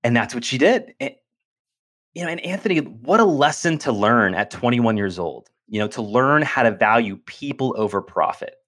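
A man speaking as an interview guest, telling a personal story in an earnest, animated way and often restarting his phrases. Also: medium pitch, normal speed. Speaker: podcast guest, business speaker.

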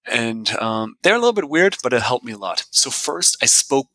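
A man talking as a guest on an interview podcast, with a bright, forceful voice. He tells stories animatedly, acting out bits of dialogue and laughing often, and the recording is close and dry. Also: mid-range voice, very animated, moderate pace, dry recording, rough recording. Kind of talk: conversational interview.

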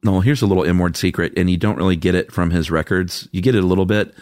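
Man, very low voice, casual podcast co-host reading listener notes, dry close sound. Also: fairly even intonation, fast, darkish tone, no echo. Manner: laid-back, chuckling, frank opinions. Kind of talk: casual chat.

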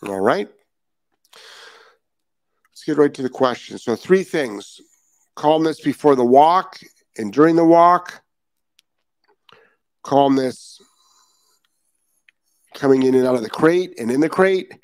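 Man, dog trainer host, blunt and emphatic, gravelly voice, dry close sound. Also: a little high, expressive, slow, long pauses, a little mellow, no echo. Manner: blunt, emphatic, repeats key points. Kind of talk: live-stream talk. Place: Florida.

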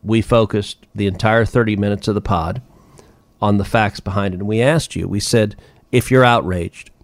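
A male senator delivers political commentary on his podcast. His voice sits on the low side and sounds dry and close, with no room around it. He talks with emphatic indignation and hammers points home through repetition. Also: steady tone, moderate pace, no room sound. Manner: emphatic, indignant, repeats phrases for force.

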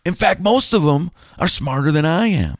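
A man's voice: a little high, expressive, normal speed, no echo, studio quality. A middle-aged man hosting a podcast as a financial planner, chatty and self-deprecating in a casual style.

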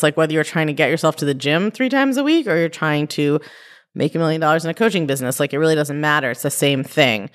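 A woman hosting her own podcast as a coach, talking casually and bluntly, often saying "like" and "right?" and swearing now and then. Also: deep voice. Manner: conversational, frequent "like" and "right?", mild swearing. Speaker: podcast host and life coach. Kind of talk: casual solo podcast talk.

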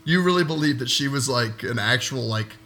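A man's voice: mid-range voice, expressive, fairly quick, pushed and bright. Rambling, cussing man in casual chat. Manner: rambling, profane, exaggerated outrage.

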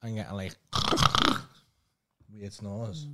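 A man's voice: on the low side, extremely slow, very noisy. A man co-hosting a podcast, rambling and sweary, laughing at himself in casual chat. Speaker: podcast co-host.

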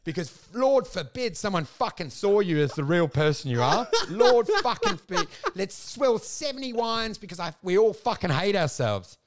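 A man's voice: high-pitched, very animated, moderate pace, few pauses. A man, ranting and laughing as he co-hosts a casual podcast chat, swearing often and acting out the people he quotes. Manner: ranting, crude, laughing, acts out quoted voices. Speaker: podcast co-host.

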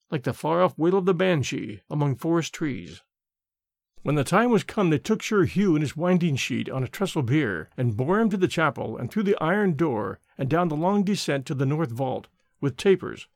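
Male narrator, lively higher voice, dramatic measured reading, dry booth. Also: no echo. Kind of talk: scripted narration. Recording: dry close recording.

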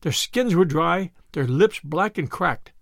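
A man reading a novel aloud as scripted narration, with a dramatic delivery that calls out the crowd's shouts. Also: on the high side, lively intonation, slow, creaky, dry recording, studio quality. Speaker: audiobook narrator.

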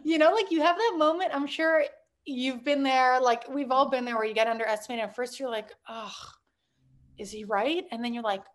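A woman with a high voice speaks as a guest in a relaxed interview. She is chatty and animated in her wording, peppering her talk with fillers and quick laughs. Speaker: startup founder, guest.

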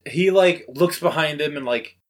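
A playful game master narrating a tabletop role-playing scene in a mid-pitched voice. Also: normal speed.

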